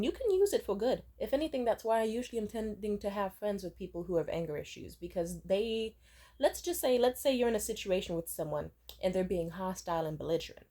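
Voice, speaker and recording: A woman in her twenties telling personal stories in a casual vlog, blunt and profane, with lively swings in pitch and loudness. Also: a little fast. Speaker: vlogger. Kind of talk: casual storytime monologue.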